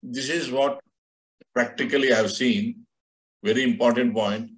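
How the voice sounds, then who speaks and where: A man's voice: mid-range voice, fairly even intonation, a little slow. A man teaching an astrology class over a video call, explaining loosely with many fillers and restarts. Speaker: astrology instructor. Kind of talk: online class lecture.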